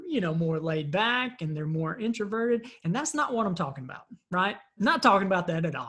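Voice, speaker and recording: A woman who is a parent of three, giving an earnest, conversational motivational talk full of storytelling. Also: mid-range voice. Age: parent of three kids. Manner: earnest, conversational, acts out voices in stories. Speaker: leadership speaker.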